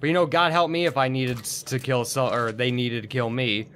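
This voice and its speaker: A man's voice: mid-range voice, steady tone, a little fast, fairly bright tone, a little hiss or hum. A young man giving gameplay commentary, frustrated and swearing as he mutters to himself. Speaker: gaming video host.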